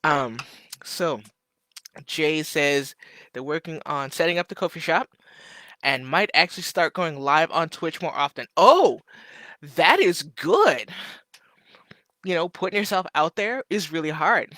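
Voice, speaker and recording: A man's voice: on the high side, moderate pace, pushed and bright, no echo, studio quality. A man hosting a casual live stream, reading viewers' messages aloud and answering with joking asides.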